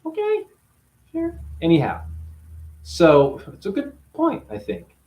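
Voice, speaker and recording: A man's voice: fairly high pitch, huge pitch swings, unhurried, echoey room, highs cut off. A man hosting a spiritual talk show, rambling through a monologue full of rhetorical questions and playful asides.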